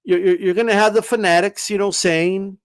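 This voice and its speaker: In a high, clean voice with fairly even intonation and a brisk delivery, a man hosts a boxing channel, recorded without echo. His casual, emphatic monologue is full of swearing and lines capped with "okay?", and when he gets heated he stammers and restarts.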